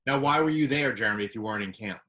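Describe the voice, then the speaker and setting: A man hosting an alumni interview, asking questions with many pauses and fillers. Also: on the low side, a bit bright. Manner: hesitant, filler-heavy questioning. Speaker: interviewer host.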